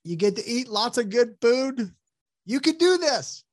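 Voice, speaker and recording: This podcast guest from a health program has a very high-pitched, very animated voice and a slightly slow delivery. Full of zeal, he preaches, shares stories, cites scripture, and laughs a lot.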